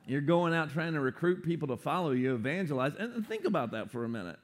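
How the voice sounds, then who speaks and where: Animated male preacher, higher-pitched. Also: fast. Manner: animated, acts out quoted voices for humor. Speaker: pastor. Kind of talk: sermon.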